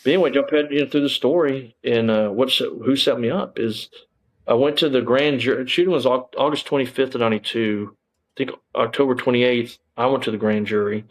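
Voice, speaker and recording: A man's voice: mid-range voice, a little fast, poor audio. A man, a former police officer telling his story as an interview guest in a rambling way, full of restarts and fillers.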